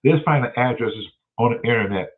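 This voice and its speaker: A man's voice: medium pitch, a little fast. A man, hosting and telling a story casually, profane and emphatic. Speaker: host. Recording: tinny phone-like sound.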